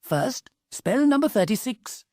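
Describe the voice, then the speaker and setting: A brash young genie brags and jokes in a high, bouncy storybook voice, put on by a woman narrator. His talk is loose and slangy, and it swings up and down as he boasts. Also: sing-song, unhurried, darkish tone, dry recording, studio quality. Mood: cocky.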